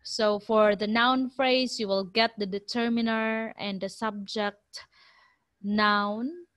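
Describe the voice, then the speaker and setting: A woman's voice: medium pitch, steady tone, slow, fairly bright tone, no echo. A woman giving a classroom lecture, explaining unhurriedly with many examples. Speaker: university lecturer.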